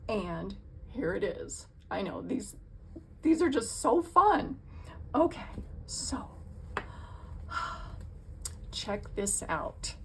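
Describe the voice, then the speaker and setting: A woman's voice: a little high, breathy edge. A woman hosting her own crafting channel from her home craft room, chatting casually and gushing with enthusiasm about her projects. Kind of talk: casual crafting vlog chat.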